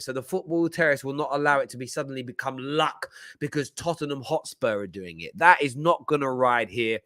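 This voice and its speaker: A man hosting a live football reaction stream, talking in an animated, jokey way and reading out viewer comments. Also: fairly high pitch, no room sound. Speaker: football channel host.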